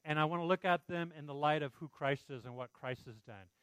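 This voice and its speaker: A man's voice: a little high, a little fast, fairly bright tone, smooth, no room sound, poor audio. A man preaching a sermon in an earnest, pleading, conversational way, often checking in with his listeners. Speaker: pastor.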